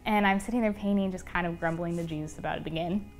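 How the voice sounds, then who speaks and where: A young adult woman, interviewed as a guest, tells a personal story in a casual, chatty way, full of "um" and "like." Her voice is lowish, and she talks fast.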